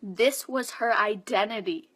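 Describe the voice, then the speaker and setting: A woman's voice: mid-range voice, a little slow, a bit bright, slightly rough. A woman fitness coach earnestly telling her viewers a story, stressing points with frequent check-ins. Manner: earnest, emphatic, addresses viewers with frequent "okay?".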